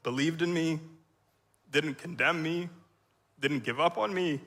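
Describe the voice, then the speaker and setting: A man in his thirties giving an emotional sermon testimony from a church stage on a stage mic, crying as he speaks, halting and clearing his throat often. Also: a little high, fairly bright tone.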